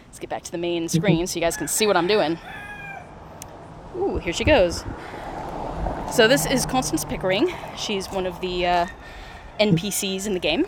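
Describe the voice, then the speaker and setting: There's a lot of background noise as this streamer from the United States chats through a live mobile game session while walking outdoors in the city. The voice sits at medium pitch, giggling often and leaning on many fillers.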